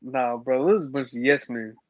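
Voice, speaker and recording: A man's voice: mid-range voice, a little fast, no room sound. Slangy man on a dull, dry mic. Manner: slangy, laid-back, says "bro" often. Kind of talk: casual chat.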